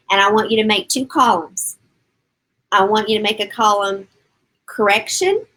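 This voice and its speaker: A woman's voice: medium pitch, fairly bright tone, low-quality recording. A middle-aged woman gives parenting advice on a live stream with an upbeat, encouraging voice. She speaks straight to the parents watching, with a voice in the middle of the range for a woman, and reads out and answers viewer comments. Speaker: parenting coach.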